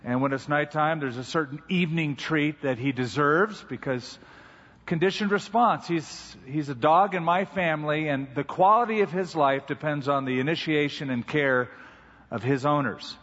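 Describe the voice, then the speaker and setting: A pastor giving a sermon, unhurried and conversational, easing into stories about daily life. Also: male voice, fairly high pitch, fairly bright tone. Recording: dull recording with long hall reverb.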